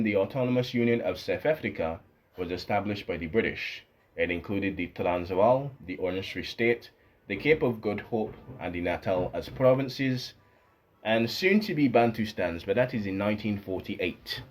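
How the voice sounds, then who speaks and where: A man's voice: lowish voice, moderate pace. A man hosting a history channel, narrating casually and drifting into rambling asides full of fillers.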